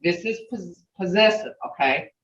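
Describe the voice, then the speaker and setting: A language teacher leading a class over a video call, explaining step by step, patiently and slowly, and correcting mistakes out loud along the way. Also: medium pitch, lively intonation. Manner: self-correcting, with asides. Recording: roomy, distant, dull video call audio.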